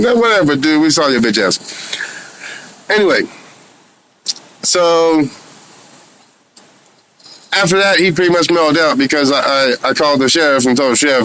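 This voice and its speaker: A man's voice: on the high side, brisk, fairly bright tone, slight background noise, low-quality recording. A man telling a story in casual first person, heated and profane, with frequent restarts and stumbles. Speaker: vlogger recounting an encounter.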